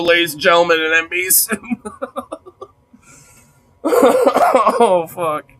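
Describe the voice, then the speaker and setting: High, lively, crude joking man. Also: very slow, long pauses. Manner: crude, joking, talks to viewers. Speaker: streamer. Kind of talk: casual livestream chat.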